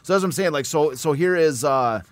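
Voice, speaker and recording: A man's voice: on the high side, brisk, no room sound. A man hosting a casual talk, telling sports history stories with animation and reading old articles aloud. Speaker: podcast host and filmmaker. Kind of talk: casual chat.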